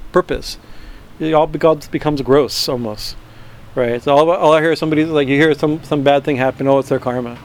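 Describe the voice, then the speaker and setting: Man, slightly high voice, spiritual teacher, informal group talk, halting, repetitive, earnest. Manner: halting, repeats words, tags lines with "right?".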